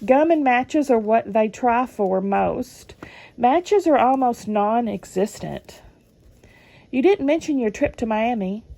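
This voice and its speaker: A woman's voice: fairly high pitch, lively intonation, slow, vocal fry, warm tone. A woman, reading old letters aloud and adding chatty comments between them. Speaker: channel host reading family letters.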